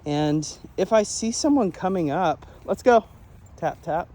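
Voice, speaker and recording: Male dog trainer on a trail, casual and chatty, fairly high and very lively voice that jumps up for praise. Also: a little slow. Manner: switches to high sing-song praise for the dog; laid-back, chatty, laughs often. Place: outdoors on a wooded trail near a creek.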